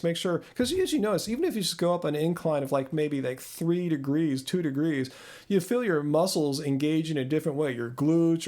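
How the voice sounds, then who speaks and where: Gravelly, chatty man hosting a live stream. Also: a little high, a little mellow. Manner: rambling, chatty, self-deprecating. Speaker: host.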